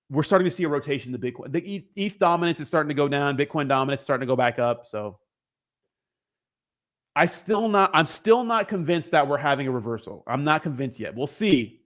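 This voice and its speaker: A man's voice: a little high, expressive, brisk, fairly bright tone. A young man hosting a crypto livestream, chatting casually with viewers in a rambling, profane, joking way.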